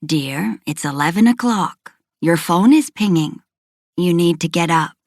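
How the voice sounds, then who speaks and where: Soft-spoken motherly woman, low and kind, dry close mic, read by the narrator. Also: expressive, unhurried, no room sound. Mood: gentle. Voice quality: soft, gentle. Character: gentle motherly woman caring for a friend.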